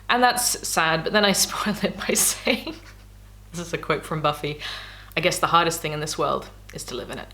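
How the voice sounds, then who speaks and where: A woman's voice: deep voice, expressive, normal speed, pushed and bright. A woman vlogging casually as she reads her old diaries aloud, candid and self-mocking, laughing often. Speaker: YouTuber.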